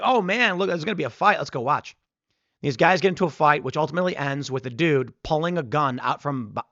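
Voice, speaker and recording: A man's voice: fairly high pitch, a bit bright, no room sound. Rambling Chicago-accented man, dry and muffled. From United States. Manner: rambling storytelling, acts out quotes. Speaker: commentary show host. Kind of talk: political commentary monologue.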